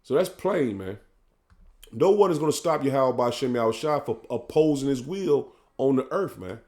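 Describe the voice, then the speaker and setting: A man preaching, tagging "man" onto his lines and reading scripture slowly and loudly. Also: medium pitch, lively intonation. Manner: fervent, says "man" after nearly every line; reads verses slowly and loudly. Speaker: street preacher.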